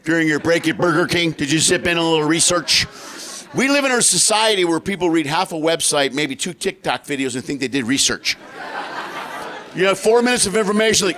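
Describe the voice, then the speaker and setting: A middle-aged man doing a stand-up comedy set, telling stories with animated delivery and shouting the punchlines. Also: high voice, a little fast. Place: live comedy stage. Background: audience laughter.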